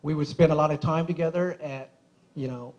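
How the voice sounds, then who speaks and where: Best man, male, high-pitched, casual and giggly, emotional wedding toast at a reception. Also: brisk, a little mellow, dull audio. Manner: chatty, laughs often through his stories; admits he gets emotional.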